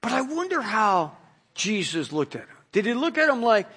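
A man's voice: high voice, big pitch swings, moderate pace, a bit bright, slightly rough. A male pastor preaching, telling the story with energy and asking his listeners rhetorical questions. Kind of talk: sermon.

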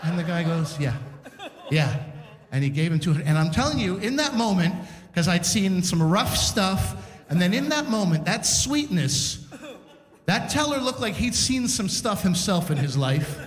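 A man's voice: high-pitched, normal speed, reverberant, long reverb tail. A man hosting a live comedy show, telling a story to the audience and acting out the people in it. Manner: animated, acts out quotes in character voices. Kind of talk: stand-up storytelling on stage. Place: large community center hall, live audience.

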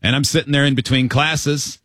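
A man's voice: mid-range voice, fairly quick, no echo, studio quality. A man hosting a radio show, telling a childhood story in a casual, comedic way and acting out the voices. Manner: animated storyteller, acts out voices with yelps.

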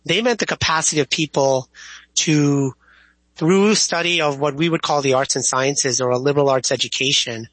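A man, a history professor, explaining history as an interview guest in a thoughtful, measured way with small restarts. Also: fairly high pitch, fairly bright tone, dry recording, poor audio.

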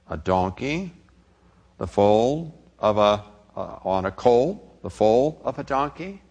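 A man preaching a sermon, dramatic in delivery and dropping to a hush on quoted words. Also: medium pitch, creaky.

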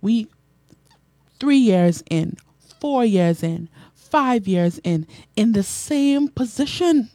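Animated woman preaching, mellow and dry. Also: on the high side, takes it slowly, dry recording. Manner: animated preaching, repeats phrases, reads out comments. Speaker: radio and online preacher host. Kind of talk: sermon.

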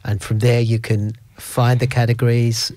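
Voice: mid-range voice, flat delivery, normal speed, darkish tone, no room sound, clean studio sound. A radio host in casual chat, rambling and giggling through stories.

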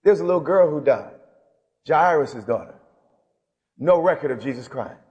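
A man pastor delivers an emphatic sermon with a somewhat high-pitched voice, now shouting, now dropping low. His words ring out with a long reverb in a large church hall. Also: animated, moderate pace, lo-fi sound. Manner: emphatic preaching, swings from loud to quiet.

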